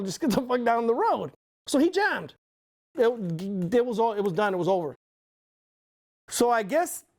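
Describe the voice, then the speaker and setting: A middle-aged man telling a long story as an interview guest, swearing constantly and laughing as he goes. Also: very high voice. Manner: profane, animated storyteller who laughs often. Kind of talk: casual storytelling.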